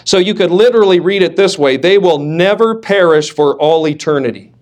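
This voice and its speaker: A man's voice: sits high, brisk, a little mellow. A man preaching a sermon as pastor, emphatic, leaning on repeated words, with light joking asides.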